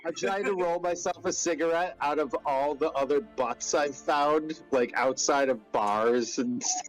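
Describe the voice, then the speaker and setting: A man's voice: on the high side, unhurried, faint music behind, poor audio. A man playing a tabletop game, laid-back and joking as he plans his moves. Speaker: player. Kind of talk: tabletop role-play chat.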